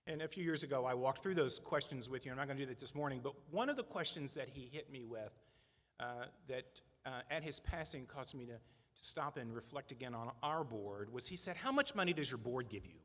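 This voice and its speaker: This middle-aged nonprofit head sounds animated, a bit bright, and slightly fast at a medium pitch as he talks earnestly with donors at a fundraising breakfast. "Right?" pops up often as a conversational aside, and the large hall gives the audio a reverberant quality.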